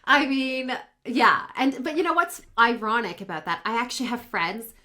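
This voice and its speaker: Bright-toned enthusiastic woman host. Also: fairly high pitch, moderate pace. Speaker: podcast host. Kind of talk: casual interview.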